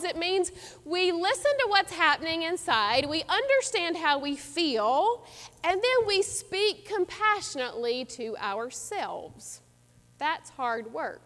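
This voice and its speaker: Woman, pastor, sermon, earnest and reflective, lively pitch, long hall reverb.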